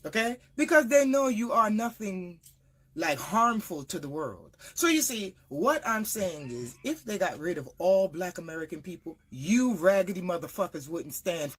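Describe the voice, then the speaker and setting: A man rants in a confrontational, profane way. His voice is high and husky, and his pitch swoops widely. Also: big pitch swings, normal speed, a bit bright. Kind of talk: ranting monologue.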